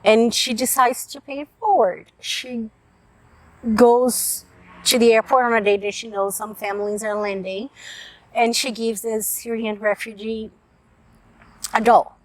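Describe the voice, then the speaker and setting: A woman's voice: fairly high pitch, fairly even intonation, unhurried. A woman casually reviewing picture books to camera, earnest and openly emotional as she talks. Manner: earnest, emotional, tearful at moments. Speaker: book reviewer. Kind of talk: casual book review vlog.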